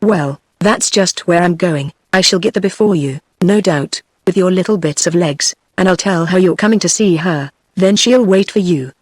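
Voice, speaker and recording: A computer-generated woman's voice with a British English accent, reading the lines of a sly scheming male wolf in a fairy tale in an even, mechanical delivery. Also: on the low side, moderate pace, hardly any pauses, dry recording, close to an everyday voice.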